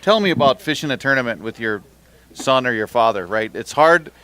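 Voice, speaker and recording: A man's voice: medium pitch, animated, brisk, pushed and bright. Guy emceeing a fishing weigh-in, teasing the anglers, jokey and upbeat. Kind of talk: live announcing and bantering with anglers.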